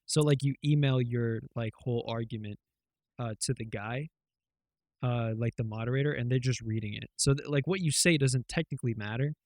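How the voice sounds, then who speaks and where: A man's voice: medium pitch, a little fast, a little mellow, no room sound. Rambling man in casual podcast chat. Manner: rambling, loose retelling full of fillers and swearing. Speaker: podcast co-host.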